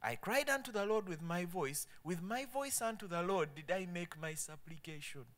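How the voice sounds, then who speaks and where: A man preaching a sermon, quoting scripture emphatically and dropping to soft asides. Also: sits high, lively intonation, normal speed. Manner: emphatic, swinging between loud proclamation and soft asides.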